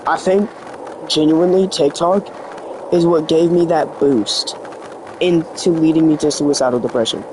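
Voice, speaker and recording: A man's voice: on the high side, fairly even intonation, moderate pace, background noise. A teenage boy vlogging in an earnest, rambling way, full of "like" fillers, his voice slightly sick and cracking. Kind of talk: confessional vlog talk.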